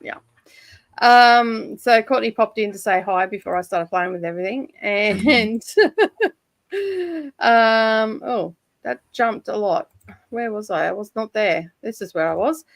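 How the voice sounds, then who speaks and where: A woman's voice: on the high side, expressive, slow pace, no echo. An Australian woman hosting a casual reading livestream from home, chatty, laughing often and swearing lightly. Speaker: livestream host of reading sprints. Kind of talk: casual chat. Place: home room by a side street.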